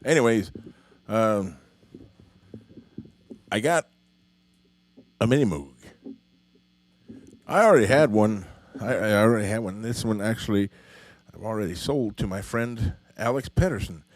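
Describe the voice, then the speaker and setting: A man's voice: on the low side, lively intonation, measured pace, long pauses, no echo. A middle-aged man with a Norwegian accent, rambling through a live-stream chat with many fillers and restarts. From Norway. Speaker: musician hosting a live stream. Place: home studio.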